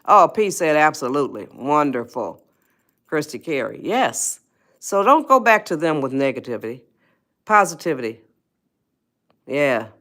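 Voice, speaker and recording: A woman's voice: low voice, sing-song, unhurried, pauses often, a bit bright. A woman hosting a motivational live stream, coaxing and repeating herself as she talks straight to viewers in the chat. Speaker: host of a self-help live stream.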